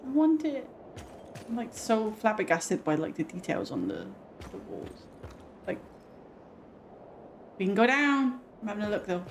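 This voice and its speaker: A young British woman with a British accent giving excitable, gushing, chatty commentary while playing a video game. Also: mid-range voice, a little slow, gravelly, pauses often, slight background noise. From Britain. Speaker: gaming streamer. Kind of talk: casual gameplay commentary.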